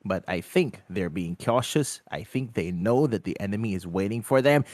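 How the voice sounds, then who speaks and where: A man casting an esports match, excitable and joking, throwing out rhetorical questions. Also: lowish voice, normal speed, no room sound. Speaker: shoutcaster. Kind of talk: esports play-by-play commentary.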